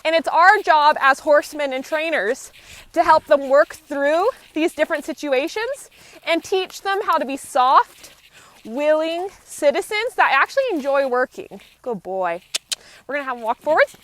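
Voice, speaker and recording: A woman horse trainer working a horse outdoors, explaining each step in a calm, steady, instructive way. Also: high-pitched, normal speed. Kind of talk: live training commentary.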